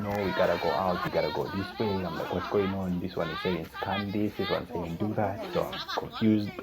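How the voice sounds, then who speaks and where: Low-voiced young man telling an excitable story. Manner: animated, excitable retelling with acted-out panic. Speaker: vlogger. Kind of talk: casual storytelling vlog. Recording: slightly dull lo-fi recording with faint music.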